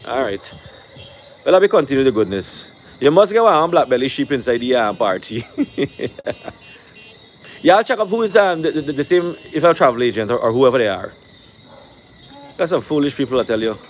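A man hosting a live stream from a rooftop cookout, reeling off shout-outs and ranting at critics in a brash, animated way. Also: mid-range voice, moderate pace, pauses often, slight background noise.

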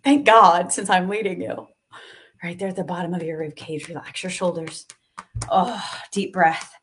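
Slow, soothing woman guiding a tapping session. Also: fairly low pitch, steady tone. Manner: slow, soothing, sighing between cues. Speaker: tapping and meditation guide. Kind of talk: guided tapping session, live stream.

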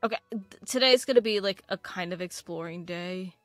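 A woman's voice: lowish voice, brisk, no echo, faint music behind. A woman giving casual, rambling let's-play commentary while playing a video game, full of fillers and restarts. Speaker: gaming video creator.

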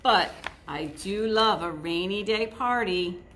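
A woman's voice: mid-range voice, takes it slowly, a bit bright, slight background noise. A woman reading a storybook aloud, voicing a timid young girl who hates the rain in a hesitant, worried way.

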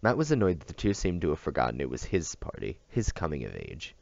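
A man reading a novel aloud at a steady pace, with small slips and restarts, on a dull, dry recording. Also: very deep voice, quick pace, creaky, dry recording. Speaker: audiobook reader.

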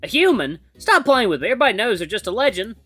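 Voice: mid-range voice, very animated, quick pace, faint music behind, voice pushed up. A streamer putting on a cheery twangy furry kangaroo guy. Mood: startled. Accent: put-on Southern US twang. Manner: bright, eager, chatty. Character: friendly male kangaroo-like creature, cheerful and curious. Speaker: game streamer. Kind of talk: visual novel voice acting.

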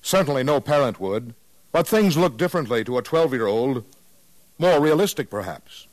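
A man narrating a scripted radio documentary in a measured, solemn way. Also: mid-range voice, animated, no echo.

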